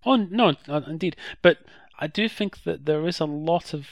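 A man's voice: a little high, moderate pace, gravelly, no room sound, studio quality. A man co-hosting a podcast in a chatty, agreeable way, leaning hard on the words he stresses. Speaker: podcast co-host. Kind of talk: casual podcast discussion.

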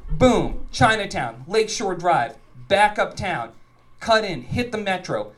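Slightly high-voiced man telling a story. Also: big pitch swings, a little slow, fairly bright tone. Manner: loose, profane, rambling delivery with acted-out quotes. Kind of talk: live comedic storytelling.

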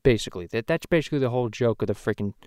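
A man's voice: medium pitch, expressive, rapid-fire, darkish tone, dry recording, clean studio sound, close to an everyday voice. A man voicing a foul-mouthed cartoon baby, ranting profanely and rambling in a comedic podcast. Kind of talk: comedic podcast rant in character.

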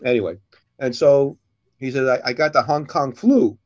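A man co-hosting a show, telling jokes in a casual, animated way and jumping higher for his characters' lines. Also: moderate pace, dull audio.

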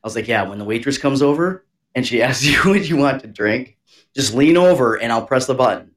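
A man's voice: medium pitch, lively intonation, brisk. A man co-hosting a podcast in casual chat, telling a prank story and laughing often. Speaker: podcast co-host.

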